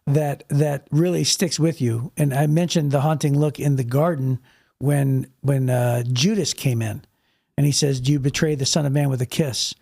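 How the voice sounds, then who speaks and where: With a medium-pitched, dark voice marked by vocal fry, this podcast co-host keeps his intonation fairly even and his pace moderate. He recounts a Bible story vividly and casually, frequently restarting and repeating words.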